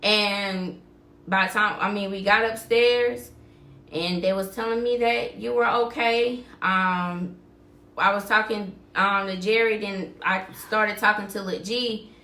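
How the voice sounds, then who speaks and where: A woman's voice: medium pitch, steady tone, measured pace, bright, forceful tone, echoey room. A woman hosting a podcast, telling a story in casual talk and acting out what people said. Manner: vivid retelling, acting out quoted dialogue. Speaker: podcast host.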